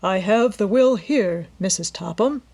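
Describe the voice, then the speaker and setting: A woman voicing a calm, courteous middle-aged male lawyer with a polite, measured manner in a storybook reading. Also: mid-range voice.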